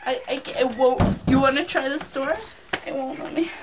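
A woman's voice: high-pitched, steady tone, moderate pace. A young woman in a comedy ghost-hunt spoof, talking while frightened, swearing and laughing nervously. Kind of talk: panicked handheld walkthrough. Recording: noisy camcorder audio from a distance.

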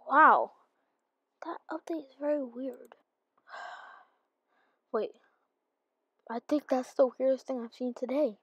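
Casting: a high-voiced woman, slow-paced, exasperated casual role-player. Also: wildly swooping pitch, a bit bright, husky, no echo, dull audio. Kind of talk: casual role-play narration.

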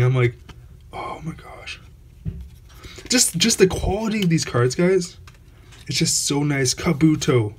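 A man hosting his own channel, giving casual unboxing commentary, awestruck and repeating exclamations over and over. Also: medium pitch. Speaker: channel host opening trading card packs.

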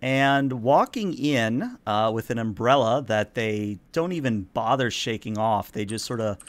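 A man narrating a tabletop role-playing game as game master, relaxed and filling pauses with "uh". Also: mid-range voice, no room sound. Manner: relaxed narration with many "uh" fillers.

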